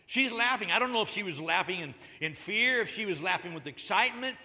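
A man preaching a sermon in a church, conversational and animated, acting out the stories as he goes. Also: sits high, quick pace, hardly any pauses. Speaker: pastor. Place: church sanctuary. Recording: echoey hall.

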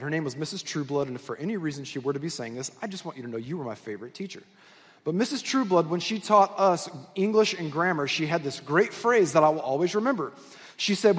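A male pastor preaching a sermon in a conversational way, often asking the congregation questions. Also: high voice. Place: church sanctuary. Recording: long hall reverb.

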